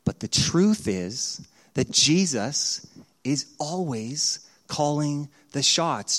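Dropping from loud to hushed, a middle-aged male pastor brings his sermon's stories to life and acts out the voices. His pitch is fairly high.

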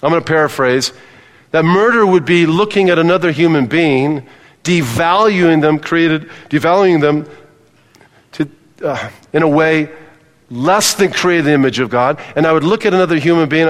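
A man's voice: a little high, normal speed. Emphatic male preacher in a reverberant hall. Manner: emphatic, repeats key phrases and calls for congregation responses. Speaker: pastor. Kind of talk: sermon.

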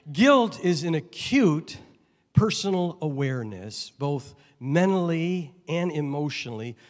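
A middle-aged pastor from Chicago preaches in a slightly high voice. His words ring out with long reverb through a big church hall. He tells stories, acts out the dialogue and swings from loud bursts to near hushes. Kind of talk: sermon.

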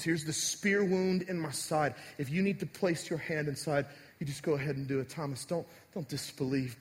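A man doing a soft, tender reassuring voice. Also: medium pitch, pitched below the performer's own voice, natural voice. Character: gentle, patient man reassuring a doubting friend. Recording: echoey hall.

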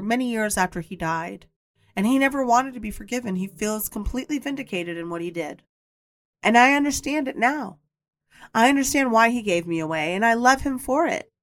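A woman with a fairly high voice hosts a personal podcast monologue. She speaks with blunt, emphatic candor and drives her points home through repetition. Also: no echo. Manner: candid, emphatic storytelling with repetition; blunt, occasionally swears. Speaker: podcast host.

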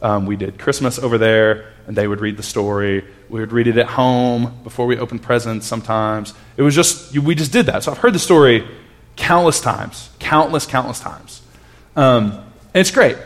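A man in his thirties gives a conversational sermon at a mid-range pitch. He talks earnestly and stops to restart his sentences. At tender moments his voice drops to a hushed tone. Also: brisk. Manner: earnest storytelling with frequent restarts. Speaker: pastor.

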